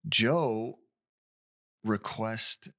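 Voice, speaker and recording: A man's voice: lowish voice, very slow, fairly bright tone. A man co-hosting a podcast, recounting a true-crime case in casual chat with asides and questions. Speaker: podcast co-host.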